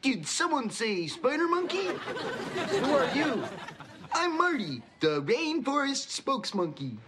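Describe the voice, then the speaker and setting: A man's voice: very high voice, sing-song, slow, a loud crowd, very noisy, voice pushed up, exaggerated voice. A young man voicing a chirpy male spider monkey hand puppet in a cheery, salesy way.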